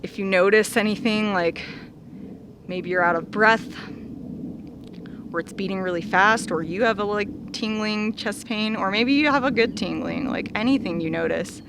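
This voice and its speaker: A woman's voice: mid-range voice, moderate pace, background noise. A young woman vlogger talking earnestly and casually to her viewers, with lots of fillers and small laughs. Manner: earnest, many "like" fillers, laughs between thoughts. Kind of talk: casual heartfelt talk to viewers.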